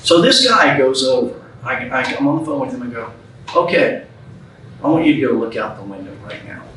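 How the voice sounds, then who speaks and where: A man's voice: medium pitch, expressive, brisk, a bit bright. A man giving a talk to a club audience, telling a story in a folksy, plainspoken way and acting out the quoted lines. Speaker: guest speaker. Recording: echoey room, speaker far from mic.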